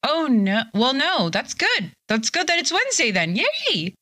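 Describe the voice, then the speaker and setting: Bubbly, tipsy woman streamer, bright voice. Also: high voice, very animated, normal speed, no echo, clean studio sound. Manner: bubbly, gushing, reads chat aloud. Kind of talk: casual live-stream chat.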